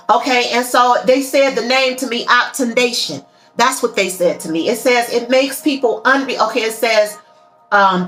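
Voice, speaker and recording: A woman with a bright, ringing voice and a fairly high pitch, speaking earnestly and emphatically about spiritual matters. She addresses her viewers directly in a casual monologue, with faint music playing under her. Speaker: tarot and spiritual reader.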